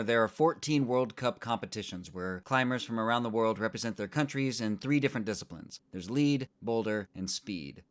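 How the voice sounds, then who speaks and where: In a medium-pitched, somewhat bright voice, a man runs his own trivia podcast as a solo comedic monologue. He plays it theatrical and fun, moving from upbeat cheer into mock-sheepish asides.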